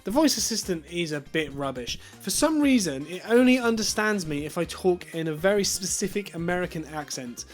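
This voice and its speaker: A chatty English man with a notably high-pitched voice runs through a casual product review. He talks informally, peppering his points with filler words, while soft music plays quietly underneath. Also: lively intonation, brisk, few pauses. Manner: chatty, sort-of fillers, informal British phrasing. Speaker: tech reviewer.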